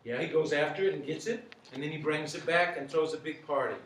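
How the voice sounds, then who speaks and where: A man's voice: on the high side, brisk, a little hiss or hum. A man teaching a group, asking many rhetorical questions and repeating phrases. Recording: very echoey, from far off.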